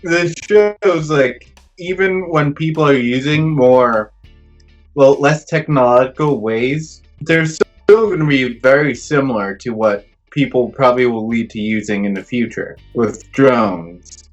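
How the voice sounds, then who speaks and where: Slow, halting young man on a podcast. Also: medium pitch. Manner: halting, filler-heavy, slow to find words. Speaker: podcast co-host. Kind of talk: casual chat. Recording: dull lo-fi podcast audio with faint music.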